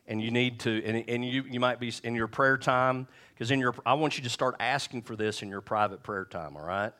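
A man's voice: medium pitch, a little fast, pushed and bright. A middle-aged man preaching a sermon in a church, casual and joking, asking the congregation questions as he goes. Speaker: pastor. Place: church sanctuary.

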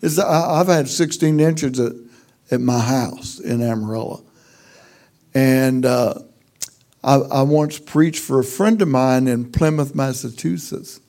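A man's voice: mid-range voice, warm tone. A middle-aged man with a Texan accent, a pastor telling folksy, self-deprecating stories in a humorous sermon. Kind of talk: sermon storytelling.

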